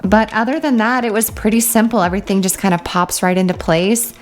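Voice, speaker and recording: A woman's voice: medium pitch, fairly quick. A woman hosting a toy crafting video, chatting casually and gushing over small details. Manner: gushing, enthusiastic. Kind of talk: casual toy review chat.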